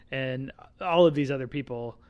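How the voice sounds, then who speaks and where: A man's voice: medium pitch, a little slow, darkish tone. A man co-hosting a casual film podcast, agreeable and asking clarifying questions. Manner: agreeable, often says "yeah", asks clarifying questions. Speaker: podcast co-host.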